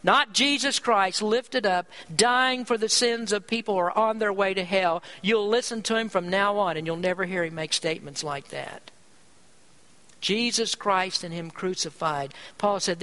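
A man's voice: high-pitched, sharp tone, rough recording. A man preaching a sermon, emphatic and full of rhetorical questions.

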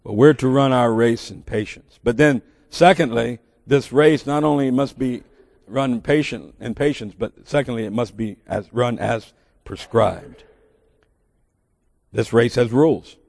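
A man's voice: mid-range voice, measured pace, gravelly, a little mellow, dry recording, studio quality, in a large hall. A middle-aged man with a Southern drawl preaching a sermon in a church, earnest and building to emphatic bursts with folksy asides.

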